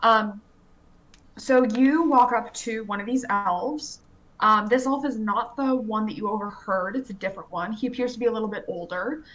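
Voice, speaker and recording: A woman's voice: fairly high pitch, moderate pace, fairly bright tone, rough recording. Casual woman game master narrating. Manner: casual, many fillers, descriptive.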